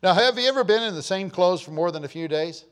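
A man preaching a folksy, joking sermon to his church, swinging between loud and quiet. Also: high-pitched, expressive, fast, smooth. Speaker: pastor.

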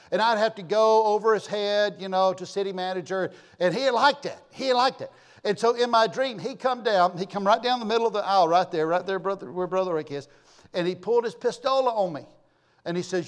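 A pastor, a man, telling a folksy, animated story in a sermon and acting out the people in it. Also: high voice.

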